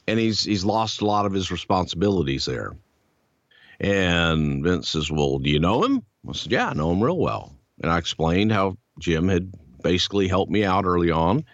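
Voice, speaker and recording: Man, storytelling host, low voice, very lively pitch, swears, muffled dry recording. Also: no echo. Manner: animated, profane storyteller acting out quotes. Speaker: podcast host. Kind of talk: casual storytelling. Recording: dull lo-fi dry sound.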